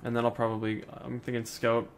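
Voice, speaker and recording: A man's voice: medium pitch, completely flat delivery, a little fast, slight background noise. A young man casually commentating a strategy game, brash and joking, swearing freely. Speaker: gameplay commentator. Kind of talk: casual let's-play chat.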